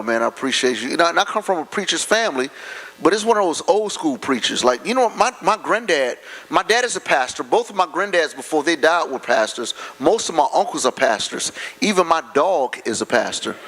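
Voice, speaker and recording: A man's voice: a little high, a bit bright, poor audio. A man doing a stand-up comedy set, drawling and stopping himself mid-joke. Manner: drawling, self-interrupting joke delivery. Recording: live event with background noise.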